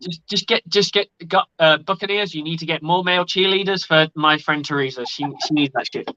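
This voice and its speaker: A man's voice: fairly high pitch, brisk, bright, forceful tone. A man talking casually on a sports podcast, blunt and opinionated and swearing freely. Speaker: podcast co-host. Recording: lo-fi audio.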